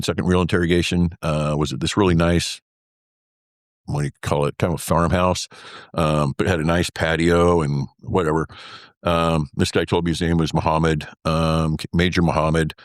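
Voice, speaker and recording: A man's voice: a bass voice, flat delivery, moderate pace, no echo, clean studio sound. A man, an interview guest and former pilot, telling a story in a rambling, wry way full of fillers.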